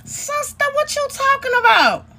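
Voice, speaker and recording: A shrill, whiny younger sister feigning innocence, as a woman storyteller puts her on. She talks high and pleading, swinging her pitch all over, over a faint hiss of background noise. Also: sing-song, normal speed, bright, forceful tone, heavily acted. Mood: defensive.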